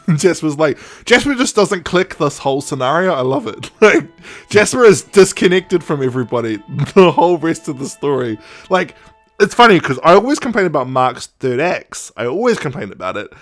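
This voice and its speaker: A man hosting a podcast, recapping a story in a casual, animated way, laughing often and slipping into quick character voices. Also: a little high, soft background music. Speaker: podcast host. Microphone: podcast microphone.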